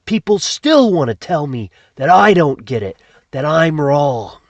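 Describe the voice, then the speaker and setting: A man's voice: fairly high pitch, sing-song, a little slow, dry recording, pitched below the performer's own voice. A man impersonating an exasperated anarchist speaker who scolds his audience and swears freely. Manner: scolding, profane, repeats "okay" and "folks". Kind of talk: comedic impression.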